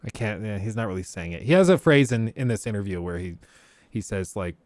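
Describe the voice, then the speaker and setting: A man's voice: on the low side, lively intonation, brisk, no echo. An American man hosts a casual livestream, talking things through conversationally. He often restarts his sentences and fills the gaps with "um." His voice is close and dry, with no room sound. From United States. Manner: conversational, frequent fillers and restarts. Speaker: streamer host.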